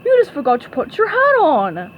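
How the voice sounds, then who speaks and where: A woman reading a storybook aloud, voicing a loud, gruff crab who runs a restaurant. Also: high voice, huge pitch swings, normal speed, highs cut off, slight background noise. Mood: blustery. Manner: loud, blustery exclamations. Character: gruff loud older crab boss, money-minded.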